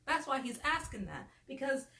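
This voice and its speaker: A woman's voice: high voice, big pitch swings, normal speed, pushed and bright. A woman telling a storytime in a casual, chatty way, sounding fed up and leaning on "like" as she talks. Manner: chatty and exasperated, leans on "like" as a filler. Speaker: vlogger. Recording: roomy echo with faint noise.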